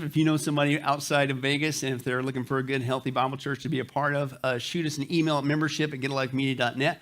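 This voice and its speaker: A man's voice: medium pitch, steady tone, fast talker, hardly any pauses, fairly bright tone. A middle-aged male pastor giving jokey, folksy church announcements to his congregation, with lots of "uh" fillers. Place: church sanctuary.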